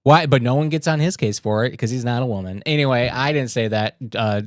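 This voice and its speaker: A man's voice: medium pitch, fairly quick, no echo, clean studio sound. A man hosting a casual political news livestream, sarcastic and mocking as he reads posts aloud and comments on them. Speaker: livestream host.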